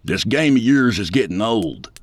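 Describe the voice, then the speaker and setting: A man's voice: fairly low pitch, lively intonation, moderate pace, husky, voice pushed up. A man voicing a brash, defiant hunter in an audiobook, with a cocky, raised delivery.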